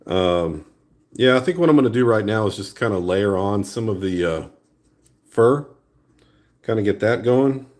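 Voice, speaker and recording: A man with a lowish voice talks through his sculpting work in a casual vlog. His delivery is relaxed and meandering, with the offhand flow of someone busy with his hands. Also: normal speed, pauses often. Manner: relaxed, rambling talk while working with hands. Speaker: art vlogger. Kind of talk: casual chat while sculpting. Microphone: new phone.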